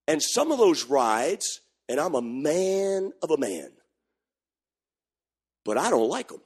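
A middle-aged man preaching a sermon, moving between quiet storytelling and loud, animated shouting. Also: mid-range voice, husky. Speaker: pastor.

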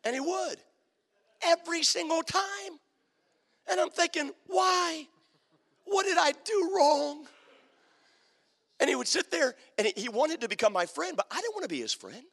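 Male preacher, high animated voice, dramatic sermon storytelling, long hall reverb. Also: brisk. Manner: dramatic, swings from loud to hushed.

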